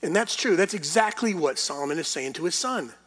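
A man's voice: a little high, expressive, fairly quick, fairly bright tone, slightly rough. A middle-aged man preaching a sermon, telling a family story and then pressing his point with rhetorical questions. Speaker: pastor.

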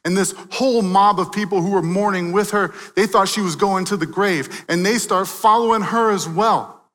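A man preaching a sermon, swinging from loud, emphatic peaks to quiet, hushed moments. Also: high voice, moderate pace, in a large hall. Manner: dynamic preaching, swelling loud then dropping soft.

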